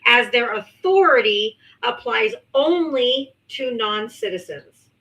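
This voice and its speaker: A woman hosting a call-in political debate livestream, blunt and quick to cut in, swearing when annoyed. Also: on the high side, animated, fairly bright tone, low-quality recording.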